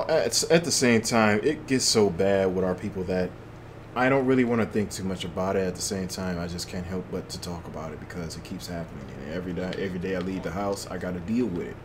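A man's voice: low-pitched, fairly quick, a little hiss or hum. A young man giving loose, slangy commentary to himself while playing a shooter game. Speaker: gaming channel host. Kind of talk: casual gameplay commentary.

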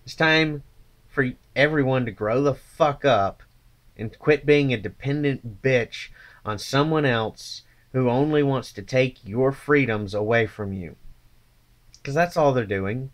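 Delivering a furious, foul-mouthed tirade to his channel's viewers, this host keeps a measured pace in a medium-pitched voice, sneering throughout and cursing constantly.

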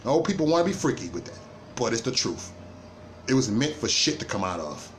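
Man ranting with a lively voice. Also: mid-range voice, fairly quick, slight background noise. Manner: emphatic, repetitive, stammering restarts. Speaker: livestream host. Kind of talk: ranting livestream monologue.

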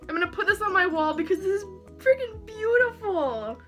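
A woman vlogger opening fan mail in a casual chat, excitable and gushing, laughing often. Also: very high-pitched, moderate pace, faint music behind. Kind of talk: casual unboxing vlog.

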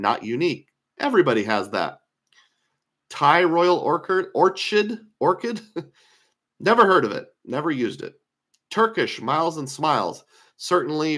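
A man's voice: medium pitch, bright, forceful tone. A man giving a casual screen-share lecture on credit card points, talking through his opinions with fillers, his voice slightly worn. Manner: conversational, opinionated, thinking aloud with fillers.

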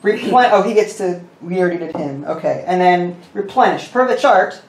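A man hosting a board game session, explaining the rules and counting pieces out loud as he plays. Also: high-pitched, expressive, normal speed. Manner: thinks aloud, counting pieces and muttering rules. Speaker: host. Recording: roomy room with faint noise.

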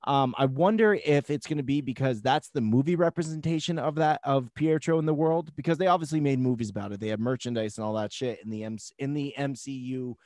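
Man co-host, eager fan chatter, mid pitch, dry mic. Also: brisk, few pauses, darkish tone, no echo. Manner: swearing, enthusiastic fan talk. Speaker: podcast co-host. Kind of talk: casual chat.

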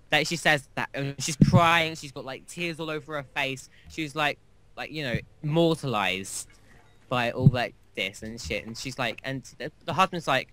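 As a co-host on a game playthrough, this man rambles casually through a long, crude anecdote. His mid-range voice is expressive, pushed, and bright, and he keeps a moderate pace.

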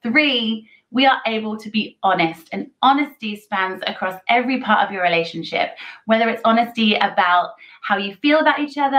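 A woman's voice: mid-range voice, fairly bright tone. Chatty, candid woman giving advice. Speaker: relationship advice presenter. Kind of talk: casual advice talk.

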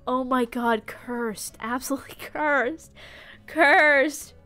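A playful woman with a high voice chats through a live game stream in an unhurried way. She giggles easily and slips into silly voices for the characters, with soft game music behind her. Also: animated. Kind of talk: live gameplay commentary.

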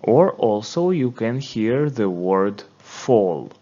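A man teaching a beginner English lesson, speaking slowly and patiently and repeating words for learners to say along. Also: fairly low pitch, very animated, warm tone, muffled recording. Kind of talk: slow, deliberate language lesson.

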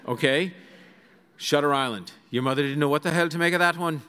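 A man telling funny stories to a live audience in a large auditorium, animated and full of asides. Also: fairly high pitch, fairly quick, smooth. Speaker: guest speaker. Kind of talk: comic storytelling to a live audience. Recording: reverberant hall sound.

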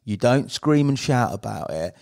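A man's voice: medium pitch, sing-song, moderate pace, gravelly, a little mellow. A man hosting a podcast interview, chatting casually and calling his guest mate often. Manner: friendly, says mate a lot. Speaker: podcast host.

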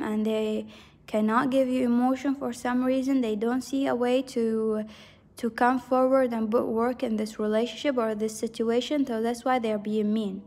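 A woman with a fairly high voice leads a pick-a-card tarot reading, rambling and earnest, leaning on fillers and laughing often. Her voice sits in a long, echoey reverb. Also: a little mellow. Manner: rambling, filler-heavy, with frequent "like". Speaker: tarot reader.

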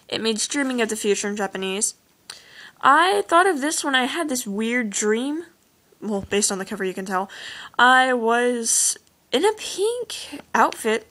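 A teenage girl with a fairly high voice talks casually through her own artwork. She gushes and rambles, filling her sentences with "like" and "oh my gosh". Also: a bit bright, low-quality recording. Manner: gushing, rambling, full of "like" and "oh my gosh". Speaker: vlogger showing her drawings. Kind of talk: casual chat.

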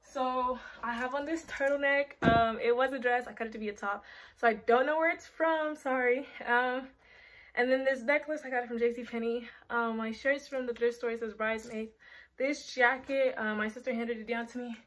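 A young woman with a slightly high voice, chatting to camera in her bedroom. She rambles loosely, drops in plenty of filler words and sounds a little short of breath. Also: steady tone, normal speed, fairly bright tone. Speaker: fashion vlogger. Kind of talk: casual chat to camera.

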